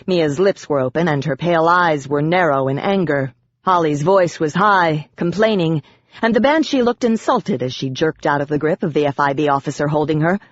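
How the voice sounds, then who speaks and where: A narrator telling a dark fantasy story in the first person, measured and dramatic. The voice sits at a middle pitch, and the recording is dull with no room echo. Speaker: audiobook narrator. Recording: dull, dry lo-fi audio.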